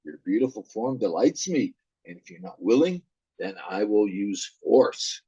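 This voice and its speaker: A man reading aloud as a supernatural elf king who slowly coaxes a child to come with him. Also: on the low side, big pitch swings, warm tone, breathy edge, dull audio, full character voice. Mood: coaxing. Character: luring male elf king spirit.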